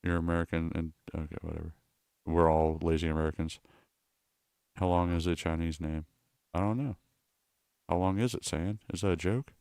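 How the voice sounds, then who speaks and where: A man's voice: low-pitched, fairly even intonation, normal speed, vocal fry, pauses often, a little mellow, smooth, no room sound, clean studio sound. A man streaming live in a casual, rambling way, reading and answering chat with self-mocking asides.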